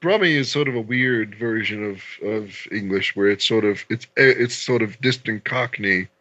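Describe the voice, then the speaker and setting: A man's voice: fairly low pitch, normal speed, sharp tone, no echo. Man chatting on a dull line. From Newfoundland, Canada. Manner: chatty, explains accents knowingly, teasing. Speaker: podcast guest. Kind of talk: casual chat.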